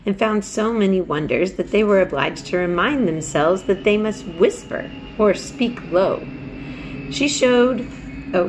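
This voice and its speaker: A woman reading a children's novel aloud, unhurried and steady, with small slips. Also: on the low side, a little hiss or hum. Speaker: storybook reader.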